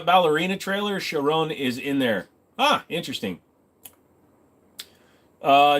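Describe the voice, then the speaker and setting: A man's voice: a little high, fairly bright tone. A man hosting a casual livestream from his home computer desk, rambling, joking and swearing freely. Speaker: livestream host.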